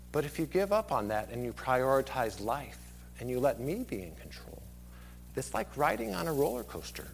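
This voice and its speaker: A man in his thirties preaching a sermon, conversational and digressive, often dropping suddenly to a quiet voice. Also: fairly high pitch, very animated, normal speed, vocal fry, a little hiss or hum. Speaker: pastor.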